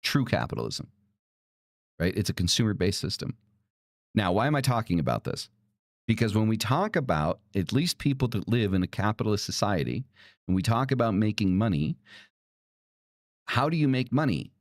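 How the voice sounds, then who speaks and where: A man with a lowish voice rants through a casual podcast monologue, swearing freely and leaning on "right?" after every point. The sound is dry and close, with no room around it. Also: big pitch swings, moderate pace, pauses often, dry recording. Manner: profane, ranting, heated; many fillers like "right?". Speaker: podcast host.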